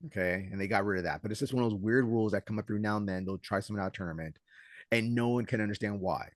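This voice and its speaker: A low-pitched man talking quickly in a casual podcast chat. He is a judo coach who tells stories with energy and acts out other people's lines. The sound is close and dry. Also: dry recording. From Southern California. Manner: animated storyteller, acts out quotes loudly.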